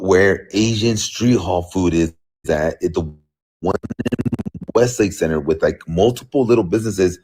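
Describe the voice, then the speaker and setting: A man talking in a casual vlog, animated and puzzled as he thinks aloud. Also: fairly low pitch. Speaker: vlogger.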